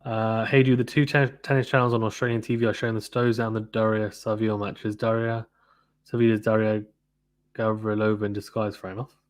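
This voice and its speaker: A man's voice: lowish voice, level tone, fairly quick. A man doing live play-by-play tennis commentary on a stream, chatty and informal, stopping to read viewers' comments. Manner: chatty, reads viewer comments, fillers like "to be honest with you".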